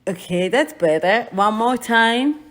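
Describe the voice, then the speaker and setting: A woman's voice: a little high, expressive, slow, a bit bright. A woman with a Ghanaian accent teaching a language lesson, patiently repeating phrases for learners to say back. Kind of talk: language lesson, drilling pronunciation.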